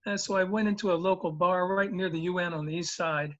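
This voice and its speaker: A man's voice: high-pitched, fairly even intonation, fast, a bit bright, lo-fi sound. A man phoning into a talk show who tells a long joke, putting on comic accents for the characters. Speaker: caller telling jokes. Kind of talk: joke telling.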